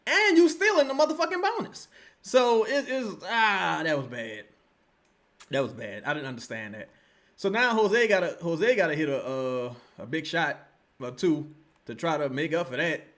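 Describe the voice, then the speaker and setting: Excitable man shouting at a basketball game. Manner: excitable, swears a lot, erupts into shouting then drops to low muttering. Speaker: sports streamer reacting to a live game. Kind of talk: live basketball watch-along commentary.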